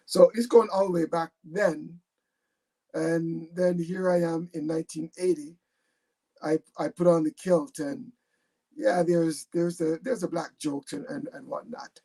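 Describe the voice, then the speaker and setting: A retired army captain, born in England and raised in Jamaica, tells his story as a guest on a video call, hesitant and repeating his words. His voice is on the high side, warm and steady, and slow.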